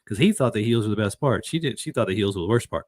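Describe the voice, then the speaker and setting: Guy with a lowish voice chatting on a podcast, super dry close sound, tells stories. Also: racing, dry recording. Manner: conversational, animated retelling of stories with acted quotes. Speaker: podcast co-host. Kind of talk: casual podcast chat.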